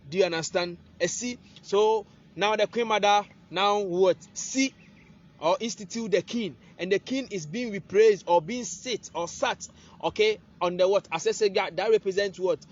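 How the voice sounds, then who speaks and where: A man's voice: sits high, muffled recording. A man gives an informal spiritual lesson, often asking "what?" and answering himself, recorded on a phone. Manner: rhetorical questions, prompting "what?". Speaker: spiritual teacher. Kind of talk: casual teaching monologue.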